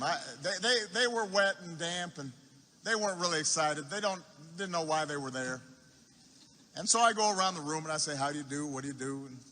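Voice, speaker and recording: A man speaking at a campaign rally, telling a story slowly, repeating words for effect and restarting mid-phrase. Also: fairly high pitch, sharp tone. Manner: unhurried anecdote with repetition for effect and halting restarts. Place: large university arena. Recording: echoey arena with long reverb.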